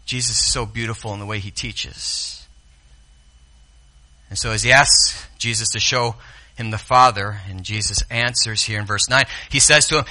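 In a church sanctuary, a pastor preaches a sermon in a fairly low voice with fairly even intonation. He drops into soft asides, then rises to loud, drawn-out quotes.

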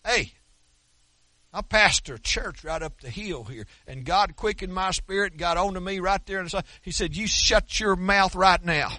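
A man preaching a sermon as pastor, emphatic and folksy, slowing down to stress scripture. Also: high-pitched, pushed and bright, no room sound. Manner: folksy, with colloquial asides and repeated words.

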